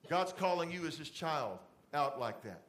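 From a church stage, a middle-aged pastor preaches conversationally at normal speed in a voice fairly high for a man, with big pitch swings. When addressing the congregation directly in asides, he drops into a soft, fatherly tone.

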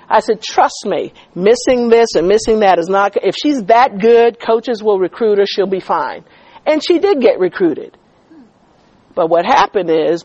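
A woman's voice: mid-range voice, dry recording, dull audio. A woman who is a teacher and former coach telling a story in a church-style talk, often checking that listeners follow her. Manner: animated preacher cadence, checking in with listeners.

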